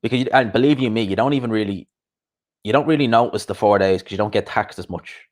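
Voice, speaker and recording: A man's voice: fairly low pitch, fast. A man hosting a live boxing chat, rambling casually and answering viewers' comments.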